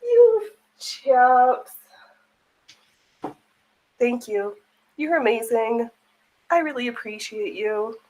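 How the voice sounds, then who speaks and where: High-voiced woman chatting on a sewing stream. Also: lively intonation, very slow, pauses often, darkish tone. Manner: chatty, laughs often, answers chat aloud. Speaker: livestream host. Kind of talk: casual chat while sewing on stream. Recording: echoey room with faint ambience.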